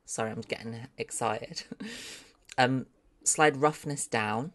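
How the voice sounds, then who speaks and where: A woman's voice: a bass voice, slow. A woman streaming live as she learns 3D modeling. She thinks aloud, talks to her chat and swears with delight when something turns out well.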